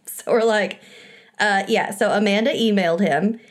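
A woman's voice: medium pitch, moderate pace. A young woman, co-hosting a podcast, telling stories with giggles and teasing. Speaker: podcast co-host. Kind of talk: casual chat.

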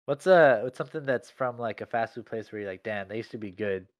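A man's voice: mid-range voice, a little fast, no echo. A man in casual chat who swears easily and asks laid-back questions.

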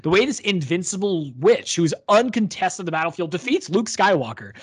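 A man's voice: high voice, big pitch swings, normal speed, breathy edge. A man co-hosting a podcast, retelling a book's plot in a rambling, filler-heavy chat. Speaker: podcast co-host. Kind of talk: casual book discussion.

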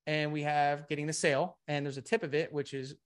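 A man's voice: on the high side, flat delivery, brisk, clean tone. A man giving a live webinar sales presentation, talking energetically and a bit winded, often saying "okay" and "guys".

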